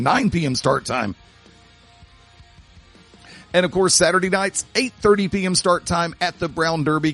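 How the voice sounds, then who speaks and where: A man's voice: a little high, fairly bright tone. A man hosting a wrestling radio show, wrapping up with plugs and jokey asides while losing his voice. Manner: chatty, jokey asides, self-promoting.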